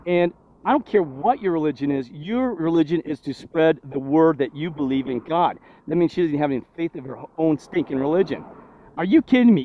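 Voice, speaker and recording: A man vlogging outdoors near a road, indignant and preachy, firing off rhetorical questions. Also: on the high side. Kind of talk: agitated street vlog monologue. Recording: dull lo-fi phone audio, faint traffic.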